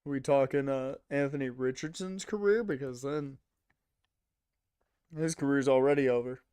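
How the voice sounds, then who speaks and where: A man's voice: medium pitch, normal speed, dark tone, clean tone, dry recording, studio quality. A young man rambling casually to his chat while streaming a game. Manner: rambling, chatty, talks to chat.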